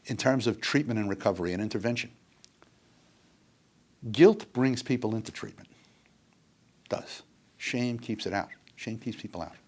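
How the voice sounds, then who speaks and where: A man's voice: lowish voice, normal speed, pauses often. An older man speaking on addiction recovery in an earnest, emphatic lecture that repeats its points.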